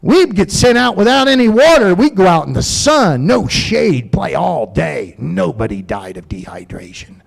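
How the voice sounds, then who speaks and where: Gravelly, animated middle-aged comedian ranting. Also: male voice, high-pitched, normal speed, few pauses. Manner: profane, ranting storyteller. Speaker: stand-up comedian. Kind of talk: stand-up comedy set. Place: comedy club stage.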